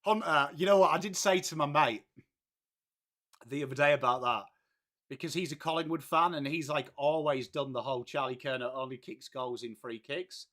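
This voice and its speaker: Man, English accent, late thirties, stream host, high voice, chatty, calls everyone mate. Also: normal speed, fairly bright tone. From England. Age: late 30s. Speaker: livestream host. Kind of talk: casual live-stream chat.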